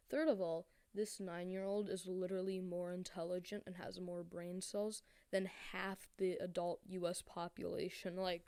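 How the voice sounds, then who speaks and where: A woman's voice: lowish voice, clean tone. A woman hosting a reaction video, talking in a mocking, exasperated, rambling way. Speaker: commentary video host. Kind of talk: sarcastic reaction commentary.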